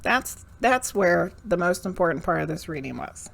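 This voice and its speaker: A woman's voice: lowish voice, very animated, normal speed, vocal fry, fairly bright tone. A woman giving tarot readings on a live stream, frank and profane, ranting and then laughing at herself. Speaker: medium and tarot reader.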